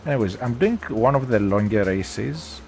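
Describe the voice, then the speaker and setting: A man with a Greek accent, chatting casually with his viewers while streaming a racing game, in a relaxed, rambling way. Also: mid-range voice, moderate pace, faint music behind. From Greece. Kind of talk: casual gameplay chat.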